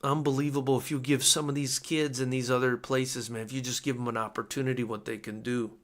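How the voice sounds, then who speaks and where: A man hosting a live boxing companion stream, talking excitedly and emotionally, repeating himself as he reacts. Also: medium pitch, a little fast. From United States. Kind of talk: live fight companion commentary.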